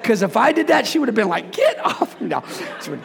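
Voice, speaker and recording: A man preaching a lively sermon as pastor, joking and calling out to the congregation. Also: high voice, fast, creaky, a little hiss or hum. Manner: animated, preachy, jokes with congregation. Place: church sanctuary. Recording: hall reverb.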